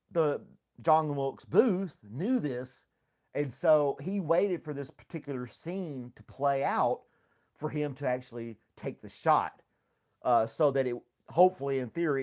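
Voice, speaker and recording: A man hosting a casual livestream chat, rambling and joking, laughing often at himself. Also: fairly high pitch. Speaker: host.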